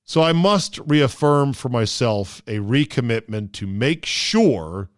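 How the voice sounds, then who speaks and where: A man's voice: mid-range voice, expressive, takes it slowly, dry recording, clean studio sound. A man hosting a podcast, delivering a sarcastic casual monologue and slipping into mocking voices. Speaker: podcast host.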